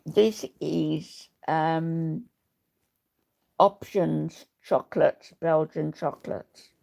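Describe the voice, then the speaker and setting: Slow, gravelly woman in her seventies. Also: deep voice, mellow. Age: 70s. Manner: chatty, rambling, blunt and opinionated. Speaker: livestream host. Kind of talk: casual livestream chat, reading viewer comments.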